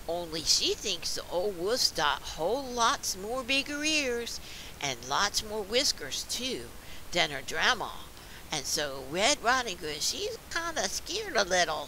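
A woman's voice: medium pitch, sharp tone, slight background noise. A woman reading a dialect poem aloud with a folksy, childlike storytelling manner. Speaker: reader.

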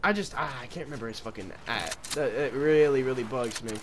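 Talking a little fast in a medium-pitched voice, this twenty-something streamer rambles through his gameplay commentary. He curses a lot and yells loudly at the game, with slight background noise behind him.

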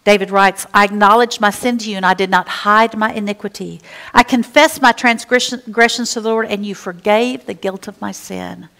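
A woman pastor preaching a conversational sermon, moving between animated asides and hushed, quiet passages. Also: medium pitch, normal speed, gravelly.

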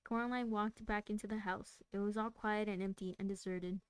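A woman's voice: mid-range voice, steady tone, brisk, smooth, dry recording. A woman streamer casually reading a book aloud, often stumbling and restarting words. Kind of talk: casual read-aloud on a livestream.

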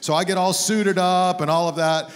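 A man's voice: high voice, fairly even intonation, normal speed, clean tone. A man preaching a sermon as a guest pastor, telling stories in a conversational, joking way. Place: church sanctuary. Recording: long hall reverb.

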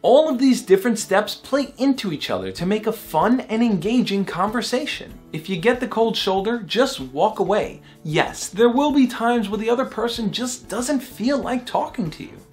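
A man's voice: high voice, expressive, moderate pace, few pauses, a little mellow, faint music behind. A young man hosting a vlog, giving dating advice in an upbeat, direct coaching tone.

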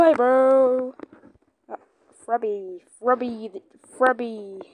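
A woman giving excitable gameplay commentary, chatting to a companion and shouting at teammates. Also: sits high, measured pace, pauses often. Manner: chatty, talks to a toy companion. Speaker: gamer.

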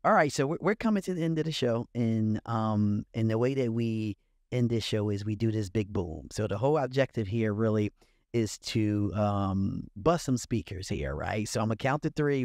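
A podcast host wraps up a casual interview show, upbeat and repeating his praise. His voice is on the low side with a darkish tone at a normal speed, captured in a dry, studio-quality recording.

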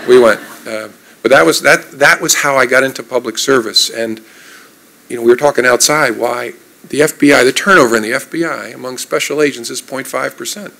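Guest speaker, man in his 50s, gravelly voice, easygoing anecdotes with dry self-mockery. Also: mid-range voice, rough recording. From New Jersey. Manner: relaxed, anecdotal, self-deprecating humor. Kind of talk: storytelling in an onstage conversation.

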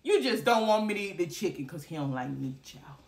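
A woman's voice: lowish voice, animated, brisk, vocal fry. A young woman from Alabama, telling a story dramatically in a casual vlog. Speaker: vlogger.

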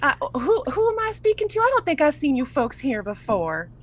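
A woman voicing a huge, gentle, motherly furry female creature who talks sweetly and calls everyone sweetheart, in a tabletop game. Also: high-pitched, wildly swooping pitch, a little fast, voice pushed up. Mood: doting. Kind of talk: tabletop role-play voice.

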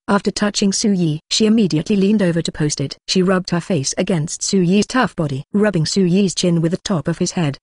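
Flat text-to-speech audiobook narrator. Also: medium pitch, no room sound, studio quality.

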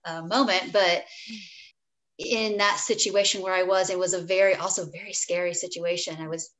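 A woman's voice: lowish voice, steady tone, normal speed, a bit bright, low-quality recording. A woman guest, a dietitian, telling a candid personal story in an interview, earnest and full of restarts and asides. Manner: briefly acts out her past self in quoted speech.

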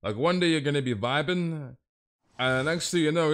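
A man's voice: on the high side, normal speed, fairly bright tone, soft background music. A young man streaming a game live, rambling casually with stammered restarts and slang while talking to his chat. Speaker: gaming livestreamer.

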